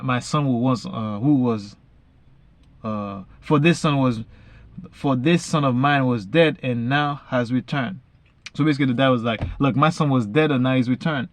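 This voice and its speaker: A man reading Bible verses slowly, then retelling each one casually in everyday slang. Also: mid-range voice, no room sound. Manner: frequent fillers and restarts, says basically a lot. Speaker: Bible reader and explainer. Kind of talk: casual Bible study talk.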